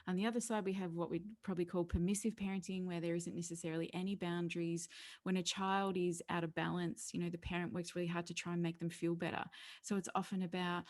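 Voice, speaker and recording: A woman's voice: lowish voice, fairly even intonation, fast. A middle-aged woman, a parenting educator, speaking as a podcast guest in an earnest, explanatory way. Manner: earnest and explanatory, slipping into playful voices for children and parents. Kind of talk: podcast interview conversation.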